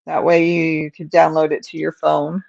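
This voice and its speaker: A woman's voice: low voice, little pitch movement, moderate pace, gravelly, darkish tone, lo-fi sound. A woman hosting a casual crochet livestream from home, chatting and answering viewer comments, with a stuffed-up nose. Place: at home in front of a camera.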